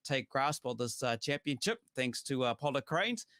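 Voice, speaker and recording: A man with a New Zealand accent hosting a casual talk show, relaxed and chatty, with lots of "uh" and "you know". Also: medium pitch, moderate pace, no room sound, clean studio sound. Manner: chatty, relaxed, thanks viewers by name, heavy on fillers. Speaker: show host. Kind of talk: casual podcast chat.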